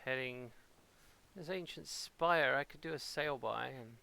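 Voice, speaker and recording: Portsmouth guy streaming a game from home, slow, kinda raspy-gravelly, rambles and jokes at himself. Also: medium pitch, bright, forceful tone. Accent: Portsmouth English. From Portsmouth, England. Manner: rambling, playful and self-mocking. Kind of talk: casual live-stream commentary.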